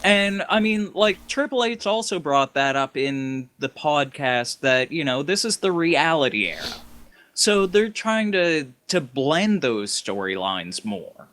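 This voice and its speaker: Man, lively rising voice, slow hesitant delivery, fillers, casual podcast. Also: fairly high pitch. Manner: hesitant, lots of fillers, animated. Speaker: podcast co-host. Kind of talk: casual chat.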